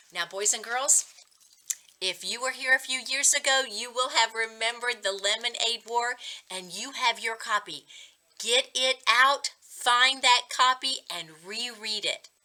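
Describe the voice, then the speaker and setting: A woman school reading coach reading a children's chapter book aloud and addressing students in an expressive, upbeat teacherly way. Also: fairly high pitch, measured pace, rough recording. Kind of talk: read-aloud storytime for schoolchildren.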